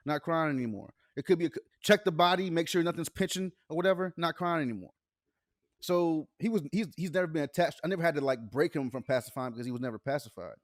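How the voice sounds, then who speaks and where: A man's voice: on the high side, no echo, studio quality. A man in his thirties co-hosting a casual comedy podcast, telling stories and laughing often. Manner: storytelling, laughs often, acts out quotes. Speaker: podcast co-host.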